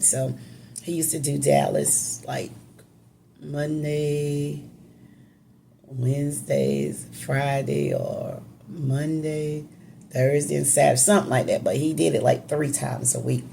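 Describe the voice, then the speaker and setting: A woman's voice: low voice, steady tone, slow, vocal fry, mellow, slight background noise. A woman telling an emotional personal story in a casual, conversational, emphatic way.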